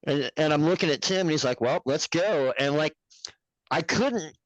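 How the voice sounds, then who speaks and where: A man's voice: fairly high pitch, moderate pace, no echo, low-quality recording. A man who produces a puppet show, telling stories as a podcast guest in a rambling, profane, laughing way. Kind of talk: casual storytelling chat.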